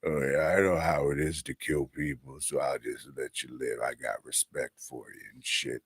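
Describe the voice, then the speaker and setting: A man imitating a laconic, gruff male action-hero veteran in a low mumbled drawl. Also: fairly even intonation, normal speed, no echo, clean studio sound, heavily acted.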